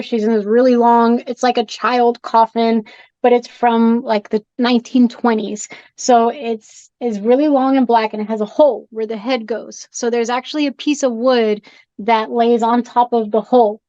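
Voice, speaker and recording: High-voiced excitable woman, dull dry sound. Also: moderate pace, no echo. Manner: animated, jumpy, acts out scared reactions. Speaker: guest, shop owner and horror collector. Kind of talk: excited storytelling in a podcast chat. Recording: dull dry podcast audio.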